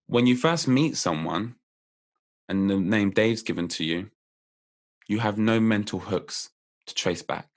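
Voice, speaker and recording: A man appearing as a podcast guest and memory coach. He explains memory techniques in casual chat, lively and playful, laughing often as he goes. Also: on the low side, measured pace, long pauses.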